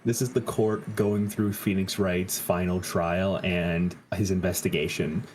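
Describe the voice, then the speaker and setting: A man hosting a casual game stream who quickly explains the story to his co-hosts. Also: sits low, little pitch movement, darkish tone, a little hiss or hum. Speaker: host, game player. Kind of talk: casual let's-play chat.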